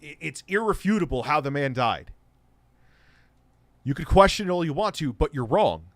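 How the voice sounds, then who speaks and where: A man's voice: a little high, sing-song, normal speed, a bit bright, no echo. A man hosting an online show, giving casual, sarcastic commentary on clips. He sounds exasperated and swears freely. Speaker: host.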